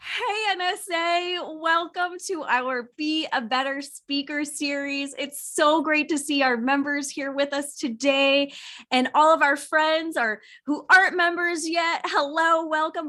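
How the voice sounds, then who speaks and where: A woman hosting a video call, warmly greeting attendees by name in a bubbly way. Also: sits high. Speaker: webinar host. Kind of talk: welcoming a video call audience.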